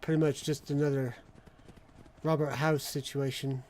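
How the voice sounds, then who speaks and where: A man's voice: mid-range voice, little pitch movement, moderate pace, a little mellow. A man streaming a game, chatting casually with friends and humming while he browses menus. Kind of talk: casual gaming chat.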